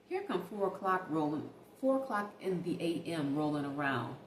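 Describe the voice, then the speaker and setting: A woman's voice: sits low, very animated, moderate pace, few pauses, a little hiss or hum. A woman vlogger telling a story in a chatty, emphatic way, talking straight to her viewers. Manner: chatty, emphatic, addresses viewers as baby and y'all. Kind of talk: casual storytime monologue. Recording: echoey room with faint ambience.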